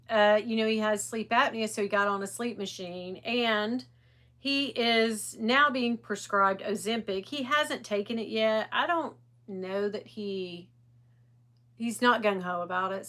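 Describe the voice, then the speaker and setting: A middle-aged woman hosting a casual livestream, chatting in a rambling way and greeting viewers by name. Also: mid-range voice. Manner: animated. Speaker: livestream host.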